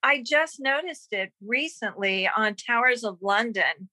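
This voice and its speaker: A woman's voice: fairly high pitch, lively intonation, measured pace, sharp tone, dry recording, low-quality recording. A woman in a casual chat, telling a story with enthusiasm.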